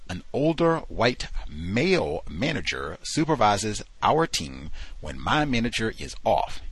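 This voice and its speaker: Low, husky-voiced talk show host. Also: male voice, dry recording. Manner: reads emails aloud in a low, relaxed voice. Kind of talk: call-in show host reading listener emails.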